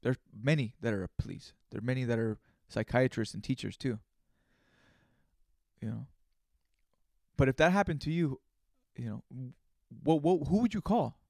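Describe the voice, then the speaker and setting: A man's voice: mid-range voice, normal speed, vocal fry, long pauses, a little mellow, dry recording, clean studio sound. A man hosting his own podcast, telling a rambling, profane story in casual, conversational speech. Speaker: podcast host. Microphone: studio microphone.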